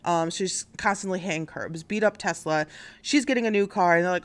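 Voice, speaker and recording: A woman's voice: lowish voice, brisk. A woman hosting a casual commentary stream, blunt and exasperated, rambling with many fillers. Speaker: host of a news and commentary stream.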